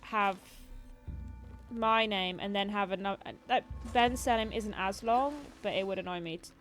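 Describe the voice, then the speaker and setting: A woman in her twenties chats casually on a gaming livestream, rambling from topic to topic with plenty of ums and likes. Her pitch is mid-range and ordinary, and her talk stays relaxed and conversational. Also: moderate pace, faint music behind. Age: 20s. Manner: chatty, rambling, lots of fillers. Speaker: streamer host.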